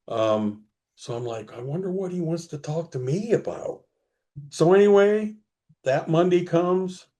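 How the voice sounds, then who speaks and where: A man as an interview guest, telling a rambling story slowly with many fillers. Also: medium pitch, mellow.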